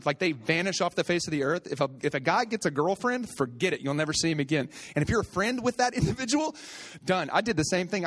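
A middle-aged man preaching a sermon as a pastor, telling stories in a conversational way and building to animated, excited peaks. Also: high-pitched. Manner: conversational storytelling with repetitions.

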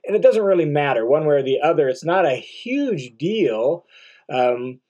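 A man's voice: a little high, very animated, moderate pace, a little mellow, highs cut off. A middle-aged man teaching through a Bible passage verse by verse, explaining word meanings and repeating key phrases, often checking in with "right?".

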